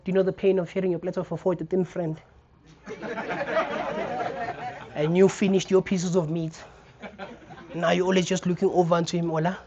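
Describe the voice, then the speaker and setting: A man's voice: high-pitched, moderate pace, long pauses, lo-fi sound, a crowd in the background. A young man with a South African accent performing a stand-up comedy set, acting out scenes as he tells stories. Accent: South African English. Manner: animated storytelling, acts out scenes. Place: comedy theater stage.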